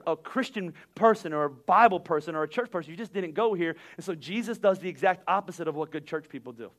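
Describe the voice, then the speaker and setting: A man, preaching a sermon with energetic, repetitive emphasis that builds to loud peaks. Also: high-pitched. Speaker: pastor.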